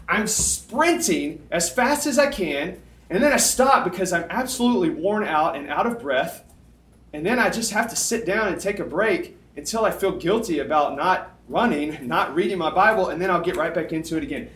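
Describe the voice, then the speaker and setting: A middle-aged man preaching as a youth pastor, with a slightly higher voice than most men. He talks in an animated, conversational, self-deprecating way. The sound carries a noticeable room echo. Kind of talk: sermon. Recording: echoey room.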